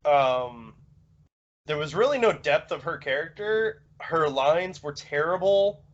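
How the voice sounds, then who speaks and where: Guy rambling on a podcast, um-ing a lot, kinda high voice, muffled lo-fi sound. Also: lively intonation, slow. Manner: rambling, many fillers and restarts. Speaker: podcast co-host. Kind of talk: casual chat. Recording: dull lo-fi podcast audio.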